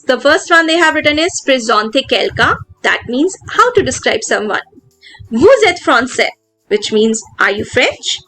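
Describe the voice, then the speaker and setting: High-voiced woman teaching a lesson. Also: a bit bright, poor audio. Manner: patient, slows down to pronounce words. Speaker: French teacher. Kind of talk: explaining a textbook lesson.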